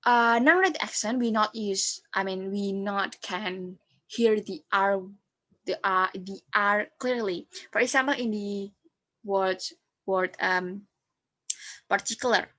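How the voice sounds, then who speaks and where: A young woman, a non-native English speaker whose first language is Indonesian, giving a class presentation on phonetics in a halting way, with fillers and self-corrections. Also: mid-range voice, fairly bright tone. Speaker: student presenter.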